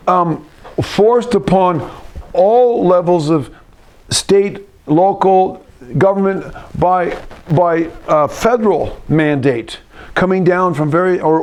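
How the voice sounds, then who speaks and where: A man's voice: high voice, darkish tone. Conversational man preaching. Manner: conversational, with frequent restarts and asides. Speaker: pastor. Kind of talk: sermon.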